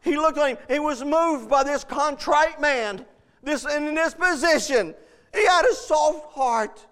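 Brief: very high-pitched male preacher, emphatic, folksy, keeps questioning the congregation. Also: unhurried, fairly bright tone, long reverb tail. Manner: folksy plain grammar, repeats phrases. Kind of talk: sermon.

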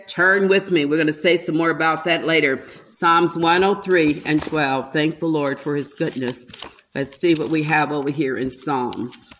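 A woman preaching a sermon slowly and emphatically, an older speaker. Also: sits low, fairly bright tone.

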